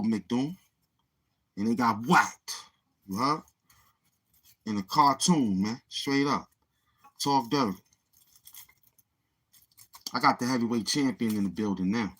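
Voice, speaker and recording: Man, New York accent, husky voice, boastful trash talk, livestream host. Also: medium pitch, measured pace, long pauses, a bit bright. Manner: boastful, taunting street slang. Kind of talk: live-stream trash talk.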